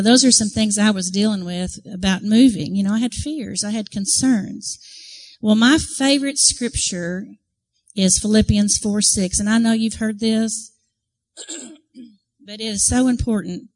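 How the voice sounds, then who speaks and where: A medium-pitched woman, captured on a low-quality recording, gives a devotional talk to a church group as a women's ministry speaker. Earnest and conversational, she tells a story, acts out how the crowd reacted, and puts questions to her audience.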